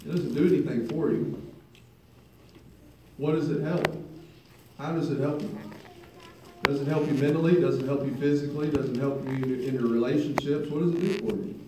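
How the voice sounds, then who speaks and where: A man's voice: a little high, moderate pace, long pauses, background noise. A man preaching a sermon in a conversational storytelling manner, making earnest appeals to his listeners. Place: church hall. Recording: very echoey hall, mic at a distance.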